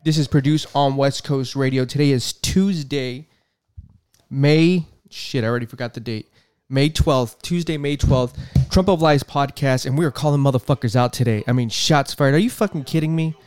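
A man's voice: mid-range voice, normal speed, a little mellow, clean tone, no echo. A man hosting a podcast, ranting with profanity and exasperation and repeating himself as he comments on a press briefing. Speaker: podcast host.

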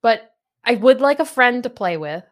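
A woman's voice: a little high, expressive, moderate pace. A woman hosting a podcast, chatting casually about games and laughing often. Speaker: podcast host. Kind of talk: casual chat.

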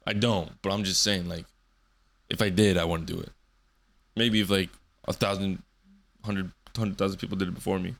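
A man's voice: low voice, steady tone, normal speed, creaky, long pauses, a bit bright. A man in his twenties hosting a solo podcast, rambling loosely and swearing often. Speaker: podcast host.

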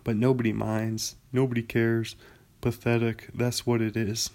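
A gloomy old gray donkey, as a man reads him aloud, grumbling through every sorrowful complaint. His voice stays flat and low-key, sunk in self-pity in a storybook world. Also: unhurried, close to an everyday voice. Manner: mournful, sighing complaints.

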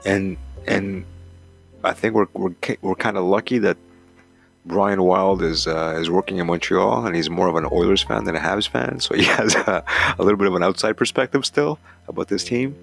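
This hockey talk show host's voice sits low and sounds gravelly, moving at a normal speed over soft background music. He reads a column aloud in a casual, profane, heated rant that rambles along.

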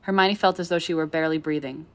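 A woman reading a novel aloud in steady storytelling narration. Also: low-pitched, quick pace. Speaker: audiobook reader. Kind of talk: scripted narration of a fan novel.

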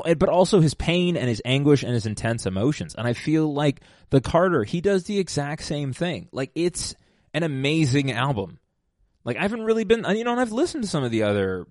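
A man's voice: fairly high pitch, a little mellow, dry recording, studio quality. A man hosting a casual rambling monologue, digressive and self-mocking, with many fillers and restarts. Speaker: podcast host.

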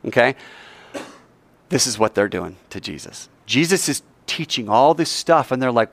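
A man preaching a sermon in a lively, joking way, acting out quoted voices. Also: mid-range voice, moderate pace. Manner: animated, jokey, acts out quoted voices. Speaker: pastor.

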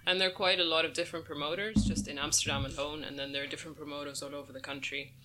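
A woman stand-up comedian from the Netherlands chatting in an interview, animated and self-mocking, laughing often. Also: sits low, rapid-fire, very noisy. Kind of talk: casual interview chat.

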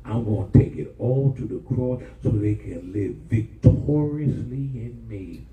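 A man preaching with fervor, his voice very dark and mellow. He calls out to the congregation for answers. The sound comes from far off in an echoey church hall with faint hiss. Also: mid-range voice, animated, measured pace. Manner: impassioned, call-and-response preaching. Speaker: pastor. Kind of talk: sermon.

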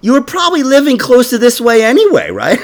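A man's voice: very high-pitched, wildly swooping pitch, brisk. A man hosting a comedy podcast, joking crudely, swearing freely and laughing often.

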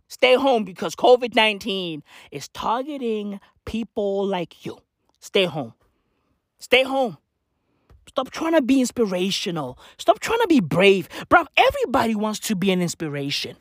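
A hoarse vlogger tearing through a comedic rant, swinging their pitch wildly up and down. The talk is full of slang and swearing, with "bruv" and "fam" again and again. The recording is close and dry, with no room sound. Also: big pitch swings, measured pace, no room sound. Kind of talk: profane comedic rant to camera.

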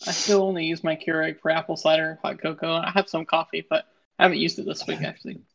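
A man co-hosting a casual podcast, tossing in quick short quips and joking asides, with faint music behind. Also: on the high side, little pitch movement, gravelly, fairly bright tone, dull audio. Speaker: podcast co-host. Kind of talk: casual chat.

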